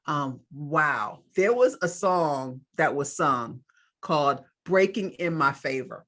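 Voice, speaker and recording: A woman's voice: sits low, lively intonation, takes it slowly, fairly bright tone. A woman co-hosting a faith podcast, chatting casually as she recaps a church celebration and a sermon, with fillers and asides. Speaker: podcast co-host.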